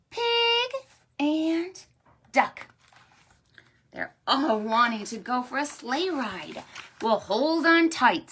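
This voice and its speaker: A young woman, a children's librarian, reading a picture book aloud to preschoolers in a slow, animated, sing-song way. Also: mid-range voice.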